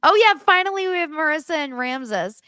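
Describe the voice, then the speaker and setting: A woman in her forties hosts a podcast, speaking at a normal speed in a studio-quality recording with no echo. Recapping TV casually, she laughs a lot and animatedly performs quotes in a higher voice.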